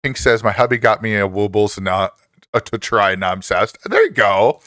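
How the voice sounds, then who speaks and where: A casual live stream host in his forties reads his viewers' messages aloud, often breaking into laughter and rising sharply in pitch when excited. He talks a little fast over a dry recording with clean studio sound.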